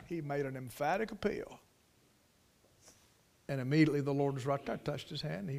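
Preacher swinging from hushed to loud. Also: male voice, fairly high pitch, fairly quick, gravelly. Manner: swings from quiet storytelling to loud emphatic preaching. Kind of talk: sermon.

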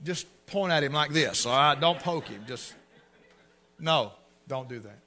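A middle-aged man, preaching a humorous sermon in a folksy storytelling way, swinging between loud and hushed. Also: fairly high pitch, expressive, unhurried.

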